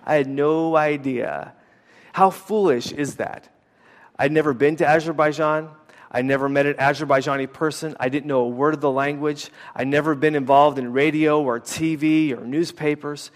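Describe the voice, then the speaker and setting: A man's voice: fairly high pitch, steady tone, normal speed. An American man, a former missionary, preaching a sermon with a personal story, talking casually with many fillers and restarts. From United States. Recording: long reverb of a hall.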